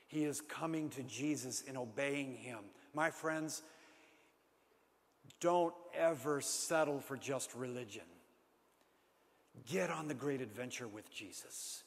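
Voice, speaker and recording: A male preacher telling a story in dramatic sermon style, moving from loud exclamations to hushed asides. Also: medium pitch, slow, pauses often. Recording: long hall reverb.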